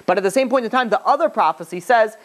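A rabbi with a high-sitting voice speaks fast as he teaches a class, retelling a rabbinic story in a loose, chatty style full of restarts and asides.

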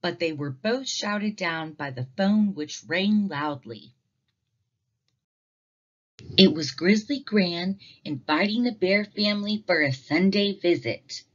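A woman teacher reading a children's storybook aloud, slow and expressive. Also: fairly low pitch. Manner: slow, warm and expressive narration. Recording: dull lo-fi recording.

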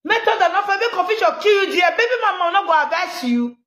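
A woman with a Nigerian Pidgin accent giving animated, scolding commentary, laughing often and repeatedly urging viewers to like and share. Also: extremely high pitch, fast, reverberant. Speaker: commentary vlogger. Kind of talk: live social media commentary.

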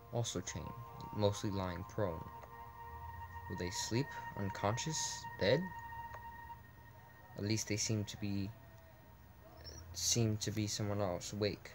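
A man's voice: on the low side, a little mellow. A man reading a text adventure game aloud in a casual let's play, often restarting words and adding asides.

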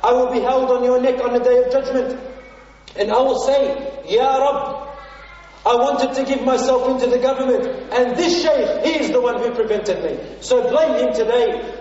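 A man's voice: extremely high pitch, moderate pace, darkish tone. A preacher from Australia telling an emotional story in a sermon, speaking to his audience as brothers and sisters and mixing in Arabic phrases. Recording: echoey hall, distant mic, dull lo-fi.

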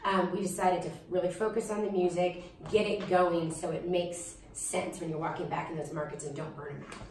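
A woman's voice: lowish voice, fairly quick, slight background noise. Chatty young woman, distant roomy mic. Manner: chatty, animated, frequent fillers. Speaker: singer-songwriter guest. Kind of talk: casual interview chat.

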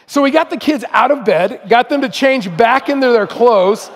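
High-voiced guy preaching, chatty and self-deprecating, big echoey hall. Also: animated, moderate pace. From Southern California. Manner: conversational, humorous, self-deprecating. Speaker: guest speaker, missionary. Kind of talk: storytelling sermon. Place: church auditorium. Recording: long hall reverb.

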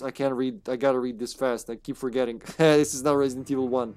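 A man's voice: mid-range voice, steady tone, fairly quick, a little mellow. A man streaming a game live, giving casual commentary, joking, laughing often and talking to his co-op partner.

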